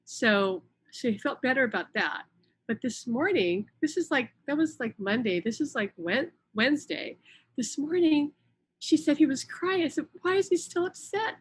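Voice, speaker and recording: A middle-aged woman talking casually on a live stream, retelling events in an animated way with many restarts and quoted dialogue. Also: high-pitched, normal speed, breathy edge. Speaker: host, spiritual channel.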